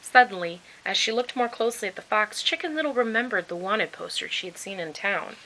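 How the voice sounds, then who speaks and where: Woman reading a kids picture book out loud, bright voice, lots of expression. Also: mid-range voice, a little fast, slight background noise, low-quality recording. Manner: expressive, animated. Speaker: storybook reader.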